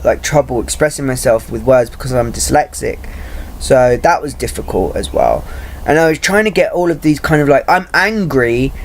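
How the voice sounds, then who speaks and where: A man talking in a personal vlog, halting and searching for words, restarting often and swearing freely. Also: a little high, a little hiss or hum. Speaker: vlogger.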